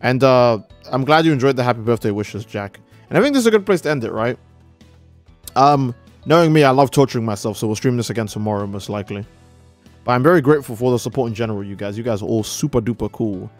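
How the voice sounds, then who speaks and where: A young man live-streaming a game, chatting casually and reading out donations, laid-back and profane, his voice jumping high when he gets excited. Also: quick pace, soft background music.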